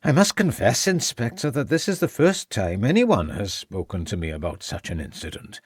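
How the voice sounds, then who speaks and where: Loud Welsh headmaster, guarded and formal, read by a male narrator, dry close sound. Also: lowish voice, very animated, slightly rough, no room sound. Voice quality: loud, measured.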